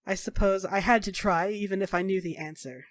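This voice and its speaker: A woman voicing a calm, measured elder elven man who speaks softly and formally. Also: medium pitch, dry recording, close to an everyday voice. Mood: sad. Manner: soft, composed, formal.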